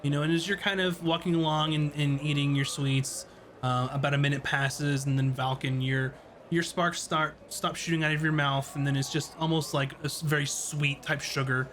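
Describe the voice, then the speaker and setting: A man running a tabletop game as game master, narrating in a rambling, halting way full of fillers. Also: on the high side, steady tone, fairly bright tone, slight background noise.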